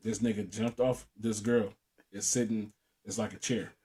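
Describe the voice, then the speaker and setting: A man's voice: lowish voice, fairly even intonation, moderate pace, dark tone. A young man co-hosting a podcast, telling a profane story in casual chat and laughing often. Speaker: podcast co-host.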